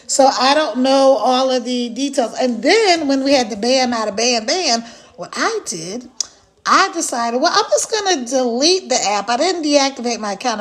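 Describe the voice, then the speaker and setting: A woman with a high voice hosts a casual livestream. She chats straight to her viewers, talkative and animated. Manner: chatty, animated, addresses viewers directly. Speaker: livestream host.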